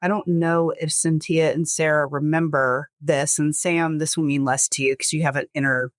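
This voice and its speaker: A woman's voice: sits low, steady tone, moderate pace, dry recording, clean studio sound. Chatty woman host, rambling and jokey. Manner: rambling, self-correcting, jokey. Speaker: podcast host, estate lawyer. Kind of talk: casual podcast chat.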